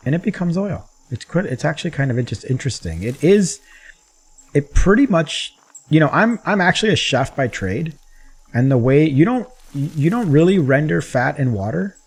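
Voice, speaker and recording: A man casually talking through his gameplay as a gaming channel host, chatty and rambling, getting excited at times. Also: mid-range voice, slightly rough.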